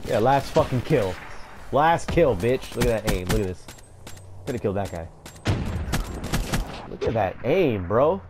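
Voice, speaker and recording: A man doing live gameplay commentary, raging, swearing and yelling in frustration. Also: medium pitch, animated, a little slow, pauses often, very noisy. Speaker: gamer streamer.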